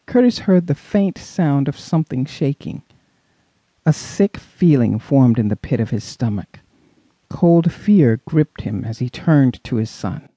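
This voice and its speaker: A man narrating a suspense audiobook in an expressive storytelling manner. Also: mid-range voice, unhurried, dry recording. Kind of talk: scripted narration.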